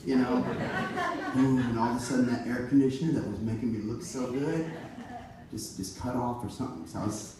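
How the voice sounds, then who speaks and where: Profane, animated male storyteller on stage. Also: mid-range voice, a little fast. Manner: animated, profane, playful, talks straight to the audience. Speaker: musician telling stories on stage. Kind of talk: comedic live storytelling. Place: live music venue, on stage. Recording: echoey venue, distant mic, audience noise.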